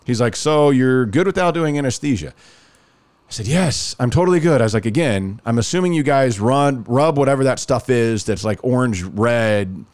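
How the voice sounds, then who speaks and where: A man chats on a podcast and tells a story with a lively, swinging pitch. He slips into the voices of the people he quotes, and his voice sits at a middle pitch. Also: moderate pace. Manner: animated, acts out quoted dialogue. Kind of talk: casual storytelling chat.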